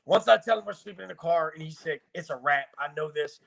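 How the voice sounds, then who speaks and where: Gravelly, higher-voiced man telling his story. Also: quick pace. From Virginia, US. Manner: blunt, profane, emotional retelling. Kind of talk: casual storytelling interview.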